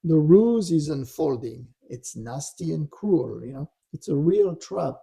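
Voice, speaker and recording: A man telling a spiritual story in relaxed conversation, often adding "you know" and "right". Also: on the high side, a little slow, vocal fry, slightly rough. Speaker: storyteller guest.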